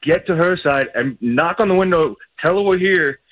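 A man's voice: on the high side, normal speed, lo-fi sound. A man calling into a radio show, exasperated and rambling, with many "like"s in his speech. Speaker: radio caller. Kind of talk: phone-in complaint.

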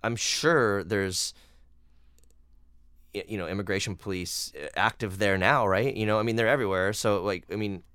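A middle-aged man co-hosting a podcast, telling stories in animated casual chat with many fillers. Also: on the low side, normal speed, clean tone, no room sound, clean studio sound. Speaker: podcast co-host.

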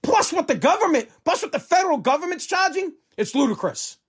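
A man's voice: extremely high pitch, big pitch swings, a little fast. A man delivering a heated, profane political rant, fired up and repeating himself.

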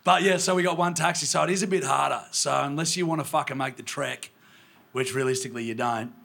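Gravelly, bright-voiced Aussie bloke. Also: male voice, fairly high pitch, quick pace. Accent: Australian. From Australia, rural New South Wales. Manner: chatty, swears often, acts out others in anecdotes. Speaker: podcast guest. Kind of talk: live podcast banter. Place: brewery venue, live audience.

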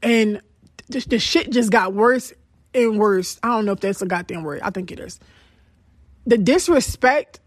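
A woman's voice: medium pitch, a little slow, dry recording. A young adult woman podcast host tells a personal story in a blunt, profane, emphatic way. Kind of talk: candid storytelling monologue.

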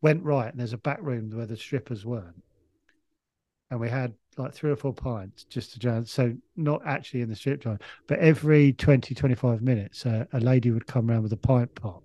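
A man's voice: medium pitch, a little fast, dark tone, no room sound. A man, a comedian guest on a podcast, telling a long stop-start anecdote with plenty of swearing and restarts.

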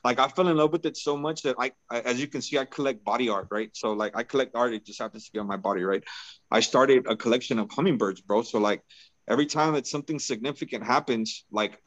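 A man's voice: medium pitch, quick pace, a bit bright, dry recording, poor audio. A man as a podcast guest, telling a personal story in a laid-back, casual way and peppering his talk with "bro" and "right?".

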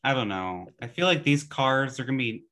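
A man co-hosting a podcast in relaxed, casual chat. His voice is bright and forceful at a middle pitch, and he hedges his opinions with a shrug in his tone. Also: a little fast. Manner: easygoing, hedging with "I don't know". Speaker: podcast co-host.

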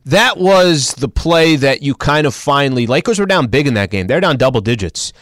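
A man's voice: medium pitch, expressive, normal speed, heavy background noise. A man hosting casual sports talk, recounting games in a conversational way with fillers.

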